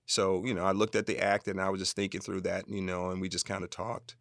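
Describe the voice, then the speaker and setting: A man with a low, gravelly voice recounts stories as a guest on an interview. He is animated and often acts out other people's voices in his telling. The sound is dry and close. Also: quick pace, no echo. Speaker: film director, guest. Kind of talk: casual interview storytelling.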